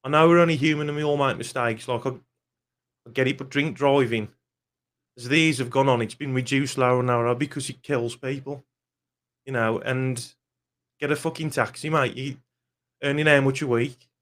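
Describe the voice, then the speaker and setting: A man's voice: medium pitch, steady tone, moderate pace, a bit bright. A young man, ranting angrily and swearing bluntly in a football fan vlog. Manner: angry, swears often, blunt.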